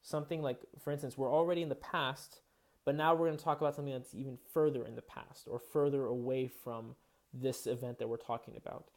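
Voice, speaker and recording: A college instructor lectures at a mid-range pitch for a man, explaining patiently. He thinks aloud, with many fillers, repeated words and restarts. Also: steady tone, brisk. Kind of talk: recorded online lecture.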